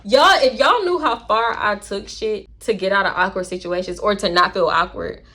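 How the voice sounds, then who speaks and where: A woman's voice: mid-range voice, normal speed, bright, forceful tone. A young woman telling a storytime to her viewers, blunt and chatty, swearing freely. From Houston, Texas. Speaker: storytime vlogger. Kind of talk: casual storytelling to camera.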